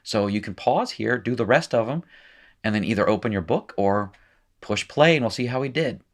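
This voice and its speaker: Low-voiced man teaching a recorded lesson. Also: expressive, moderate pace. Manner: casual, thinks aloud with fillers and self-corrections. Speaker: language teacher. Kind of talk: recorded lecture at a whiteboard.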